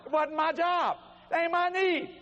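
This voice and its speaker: An older man preaching a folksy, animated sermon to his church, full of acted-out quotes. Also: very high-pitched, normal speed, lo-fi sound, some chatter behind. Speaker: pastor. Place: church sanctuary. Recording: echoey hall, faint noise.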